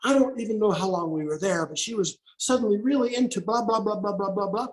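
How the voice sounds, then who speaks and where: A man's voice: high-pitched, fast talker, echoey room. A man, an interview guest, telling an anecdote in casual conversation and acting out the voices he quotes.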